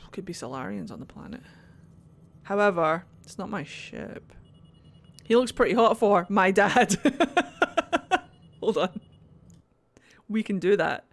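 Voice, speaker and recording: A woman streaming a video game, chatting playfully to herself and her viewers, swearing freely and breaking into silly voices. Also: fairly low pitch. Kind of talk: casual let's-play commentary.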